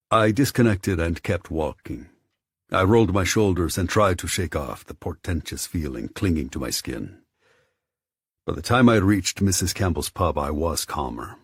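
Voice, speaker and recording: Deep husky male narrator, dry studio. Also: expressive, moderate pace, no room sound. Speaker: audiobook narrator. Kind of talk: scripted narration.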